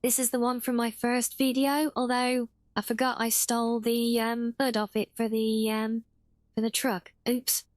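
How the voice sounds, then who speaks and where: High, slow-talking British woman streamer. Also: little pitch movement, no echo. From Britain (half English, half Welsh). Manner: chatty, self-correcting, reads out and answers chat. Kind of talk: casual live-stream chat while gaming.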